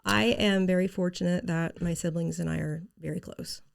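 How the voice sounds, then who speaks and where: A woman's voice: on the low side, steady tone, normal speed, creaky. A woman guest in a casual conversational interview, speaking with a slight lisp, earnest and candid.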